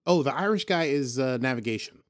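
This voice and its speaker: A man's voice: medium pitch, animated, fairly quick. Rambling man chatting on a podcast. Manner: rambling, self-correcting, jokey. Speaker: podcast co-host. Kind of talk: casual chat recapping a TV episode.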